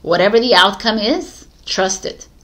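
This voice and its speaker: Woman doing a chatty tarot reading, animated, laughs a lot, coaching tone, mid pitch. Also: normal speed. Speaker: tarot reader. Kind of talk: casual tarot reading to camera.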